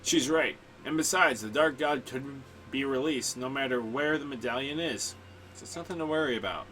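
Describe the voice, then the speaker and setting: A man's voice: mid-range voice, normal speed, pushed and bright. A man hosting a let's play, reading game dialogue aloud in a mock-dramatic way and breaking in with crude jokes and casual commentary. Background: game music.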